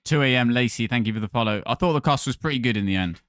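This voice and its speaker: A man's voice: mid-range voice, quick pace, a bit bright, no room sound. A man hosting a gaming livestream, chatting casually and thanking viewers by name.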